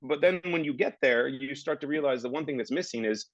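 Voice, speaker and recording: A man's voice: medium pitch, brisk, no echo, lo-fi sound. A man in his thirties, a guest actor on a casual podcast, telling rambling stories and acting out his own past remarks.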